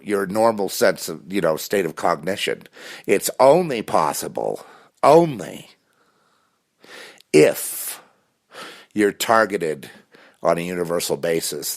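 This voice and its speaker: Low-voiced man, intense rambling monologue, repeats himself and restarts a lot. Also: vocal fry. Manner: intense, insistent.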